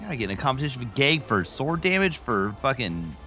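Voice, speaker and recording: A player at a tabletop game reacting excitably, swearing and laughing a lot. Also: mid-range voice, fairly quick. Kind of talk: casual tabletop play. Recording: faint music underneath.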